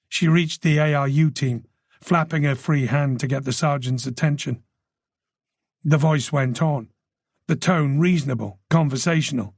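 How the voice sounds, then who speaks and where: Guy reading a thriller audiobook, steady storytelling, bit higher voice, dead dry sound. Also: vocal fry, dry recording. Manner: measured, even storytelling. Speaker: audiobook narrator. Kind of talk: scripted thriller narration.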